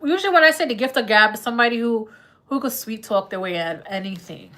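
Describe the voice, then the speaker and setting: A woman's voice: on the high side, fast talker, pushed and bright. A woman doing a live tarot reading in a chatty, laughing, slangy way. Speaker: tarot reader.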